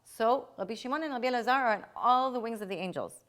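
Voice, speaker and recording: Woman teacher, fairly high voice, emphatic and repetitive, rhetorical questions to a class. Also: fast talker. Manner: emphatic, repeats key phrases, asks rhetorical questions. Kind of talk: lecturing a live class.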